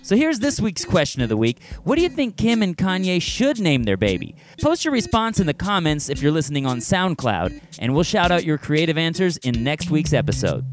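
A man's voice: a little high, very animated, a little fast, hardly any pauses, music in the background. A man hosting a comedy podcast, delivering jokes playfully and chatting with a guest. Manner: jokey, playful delivery with put-on quotes. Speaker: podcast host. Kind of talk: comedic monologue and interview chat.

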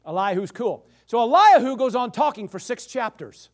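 High-pitched guy preaching, emphatic, lots of amens and questions to the crowd. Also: very animated, normal speed. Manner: emphatic, rhetorical questions, calls of amen. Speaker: pastor. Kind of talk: sermon.

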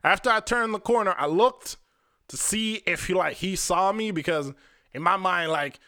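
A young man with a bright, forward voice, a little higher than most men, recounts his own story on a podcast. His talk is candid and profane and loose with "like". The sound is dry and close, with no room to it. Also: normal speed, no room sound. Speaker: podcast host. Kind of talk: personal storytelling monologue.

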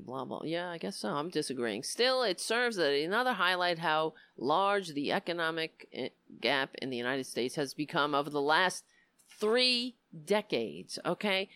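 A woman hosting a political talk show, giving impassioned, indignant commentary with a hoarse voice. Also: sits low, no echo. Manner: impassioned, indignant, rising to near-shouting.

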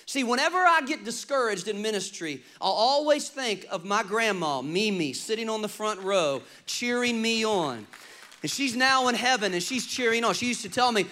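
A man about to turn fifty, preaching a lively, humorous sermon and calling on the congregation to respond. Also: high-pitched, normal speed. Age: 40s. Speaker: pastor.

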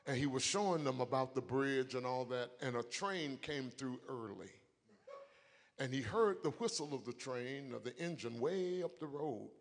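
A man preaching a sermon, moving from a quiet story to shouted, crying high points. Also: long reverb tail, slight background noise. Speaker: pastor.

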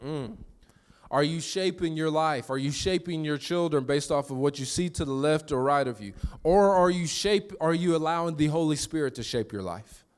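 Pastor guy preaching, kinda high voice, talks casual, asks the church to repeat stuff back. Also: clean tone. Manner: conversational, with quick restarts and call-and-response. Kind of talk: sermon.

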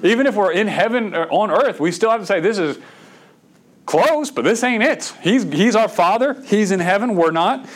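A man's voice: sits high, brisk, hardly any pauses. A middle-aged man, preaching a sermon in a conversational way, with stammered restarts and bursts of emphasis. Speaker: pastor.

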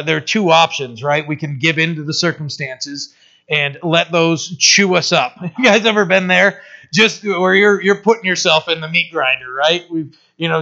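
A man's voice: fairly high pitch, sharp tone. A man preaching a sermon as pastor, in a conversational way, asking the congregation questions. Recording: dull lo-fi recording.

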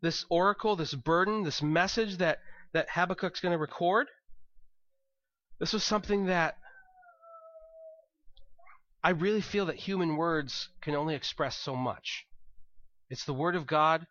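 Bright-voiced man preaching a sermon. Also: fairly high pitch, moderate pace, no echo, dull audio. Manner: conversational, repeats words as he thinks. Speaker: pastor.

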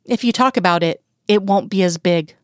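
A woman voicing a gentle, patient man who talks softly and reassuringly, in a dry, close recording. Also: medium pitch, normal speed, smooth, no room sound, lightly acted.

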